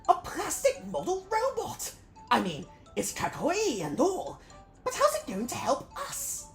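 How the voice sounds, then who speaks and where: A woman reading aloud as an excitable young gamer princess who drops Japanese slang words. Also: lowish voice, moderate pace, soft background music. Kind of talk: reading game dialogue aloud.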